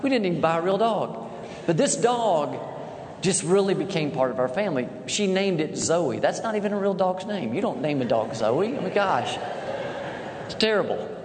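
A man in his fifties preaching a sermon as a pastor, a folksy, animated storyteller. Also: high-pitched, normal speed. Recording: echoey hall with faint ambience.

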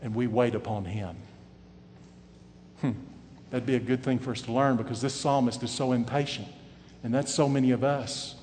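A man preaching a sermon, his voice swinging from loud and emphatic to quiet and hushed. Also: mid-range voice, long reverb tail, a little hiss or hum.

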